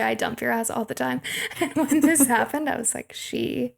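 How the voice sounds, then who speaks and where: A woman's voice: fairly high pitch, normal speed, gravelly. A young woman co-hosting a movie podcast, chatting casually, laughing often and acting out quotes. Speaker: podcast co-host. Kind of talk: casual chat recapping a movie.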